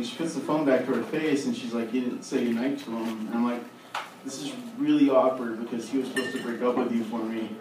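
Male stand-up comic, deadpan delivery, distant mic, room echo and background noise. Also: mid-range voice. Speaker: stand-up comedian. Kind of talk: stand-up comedy routine. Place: comedy club stage. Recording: roomy club from a distance, noisy.

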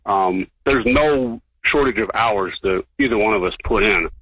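Male radio caller, low voice, earnest and a bit hesitant, dull lo-fi phone-in sound. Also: unhurried, slightly rough, no echo. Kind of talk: phone call-in to radio show.

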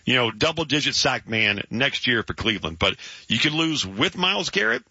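A man hosting sports talk radio, animated and jokey, slipping into playful quoted voices. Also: mid-range voice, normal speed, husky, no room sound. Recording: dull dry lo-fi studio sound.

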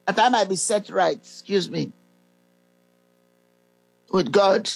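A preacher gives slow devotional teaching and leads a guided prayer. The voice is gravelly and unhurried, with frequent pauses and throat clearing between phrases of scripture. It sounds close and dry, with no room around it. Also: mid-range voice, no room sound, soft background music, rough recording. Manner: reads scripture aloud, pausing with fillers and throat clearing.

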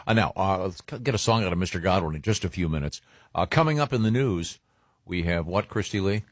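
A man hosting a radio show, chatting casually with halting speech and lots of fillers. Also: sits low, lively intonation, breathy edge, no echo, studio quality. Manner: halting, filler-heavy delivery.

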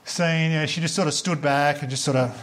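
An Australian man performing a stand-up comedy routine on stage, telling a story in a rapid, animated way with swearing. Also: fairly high pitch. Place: live venue with audience. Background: audience laughter.

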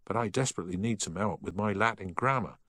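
A man's voice: lowish voice, fast, fairly bright tone, dry recording, studio quality. A man reading the part of an earnest schoolboy who pleads eagerly. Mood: pleading.

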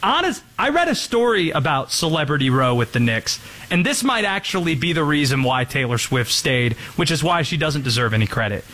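A man's voice: fairly high pitch, sing-song, fairly quick, bright, forceful tone. A man hosting a sports talk show, teasing his co-host in a mock-serious way.

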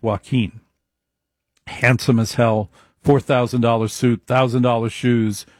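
A man's voice: medium pitch, a little mellow, no echo, studio quality. A man giving an opinionated monologue, emphatic, repeating his points and wandering into asides.

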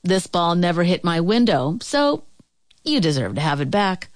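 Gruff grown man, building super, low firm voice, storybook, dry sound, done by a woman. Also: very animated, normal speed, no echo.

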